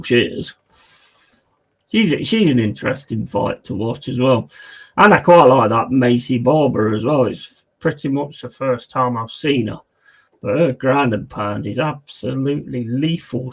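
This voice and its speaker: A man's voice: medium pitch, slightly rough. A man hosting a football watch-along, chatting casually with viewers and calling the play. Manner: chatty, laddish, reads chat aloud and answers. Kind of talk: casual match commentary and chat with viewers.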